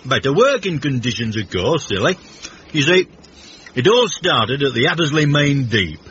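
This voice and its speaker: A pompous, affected posh man holds forth with a lively, swooping voice. His drawl is self-pitying and grand. It comes through as a dull, faintly hissy old radio broadcast. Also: medium pitch, normal speed. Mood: affected, snobbish. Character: pompous posh man, brother of a union leader. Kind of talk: radio comedy acting.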